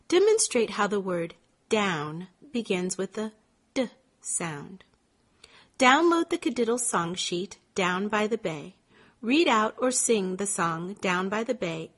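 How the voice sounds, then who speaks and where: A woman slowly narrating scripted teaching instructions in a measured, clearly articulated way. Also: medium pitch. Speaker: teacher giving lesson instructions.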